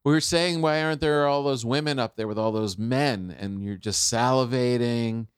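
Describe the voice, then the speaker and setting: A man's voice: medium pitch, moderate pace, clear, resonant tone, no room sound. A man who is a comedian, a guest in casual podcast chat, teasing in a dry way.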